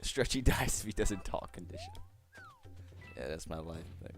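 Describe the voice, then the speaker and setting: A man's voice: low voice, huge pitch swings, moderate pace. Guy streamer rambling and joking at himself over his game, voice jumps all over, faint game music behind. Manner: rambling, self-mocking jokey chatter. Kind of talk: live gameplay commentary.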